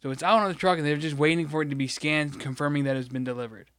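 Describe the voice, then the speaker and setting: A man's voice: a little high, fairly even intonation, quick pace, a bit bright, no echo, studio quality. Profane rambling man telling a story. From Michigan. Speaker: podcast co-host. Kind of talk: casual chat, storytelling.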